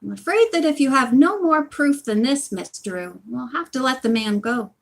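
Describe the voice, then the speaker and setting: A woman's voice: sits high, lively intonation, normal speed, vocal fry, voice pushed up, full character voice. A woman reading aloud, voicing a big male police officer who speaks formally and firmly. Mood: official.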